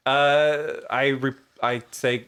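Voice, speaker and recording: A man's voice: medium pitch, fairly even intonation, slow, fairly bright tone, clear, resonant tone. A man playing a tabletop role-playing game, chatty and joking as he plans. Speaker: player.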